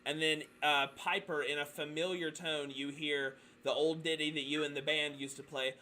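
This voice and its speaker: A man's voice: a little high, level tone, normal speed, pushed and bright, slight background noise. A man narrating as dungeon master, loose and hesitant, with many fillers. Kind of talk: narrating a tabletop game.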